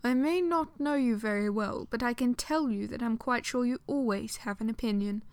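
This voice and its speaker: A woman voicing a refined, wry gentleman in a storybook reading, with elegant, precise phrasing. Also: a little high, normal speed, clean tone, no room sound, natural voice. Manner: elegant, precise, slightly sardonic.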